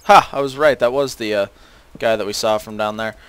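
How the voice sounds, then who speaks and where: A man's voice: lowish voice, a little fast, fairly bright tone, clear, resonant tone, dry recording. A teenage boy casually commentating a video game, rambling with many fillers and self-deprecating asides. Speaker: gaming channel host.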